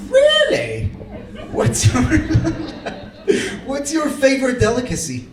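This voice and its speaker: A man performing stand-up and mocking his audience with shouts and laughter. His voice is high and swings widely. It is heard from some distance in a roomy club over a loud crowd. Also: huge pitch swings, slow. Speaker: stand-up comedian. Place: comedy stage before a live audience.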